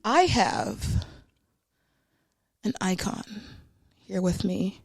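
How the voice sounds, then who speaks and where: A woman's voice: mid-range voice, animated, extremely slow, vocal fry, husky. Playful hype-talking woman podcast host. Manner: playful, dramatic hype, slangy. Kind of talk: casual chat. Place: studio.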